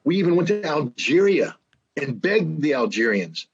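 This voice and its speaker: A man giving emphatic, animated political commentary as an interview guest, often repeating words as he thinks. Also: fairly high pitch, moderate pace, highs cut off. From United States.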